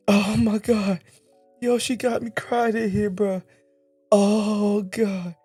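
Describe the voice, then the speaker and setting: Husky laughing reaction host, woman. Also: medium pitch, flat delivery, takes it slowly, dark tone, no room sound, soft background music. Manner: laughing, incredulous, exclaiming. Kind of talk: reaction commentary.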